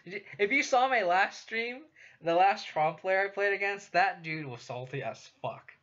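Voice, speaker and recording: Casual gaming chat from a young man with a West Coast American accent, streaming a card game in dull lo-fi audio. He has a high, animated, fairly bright voice at normal speed, stays laid-back, and swears and laughs a lot.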